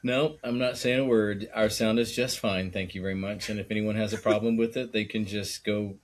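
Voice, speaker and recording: A man's voice: on the low side, steady tone, a little fast. A man co-hosting a podcast in casual chat, easygoing, laughing often and restarting his sentences. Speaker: podcast co-host.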